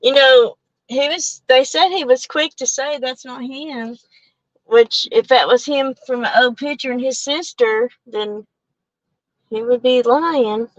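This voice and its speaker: A channel host, a woman with a high-pitched, slightly slow voice, chats casually with live viewers while driving her car, rambling, breaking off with laughs and sounding a little out of breath. She's on a headphone mic, and the recording is dry and dull.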